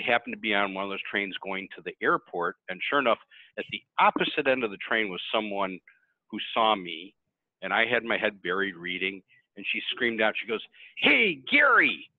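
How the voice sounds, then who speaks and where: A man speaking as a webinar panelist, telling stories in an animated, conversational way over tinny call audio. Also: deep voice, no room sound. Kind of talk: webinar storytelling.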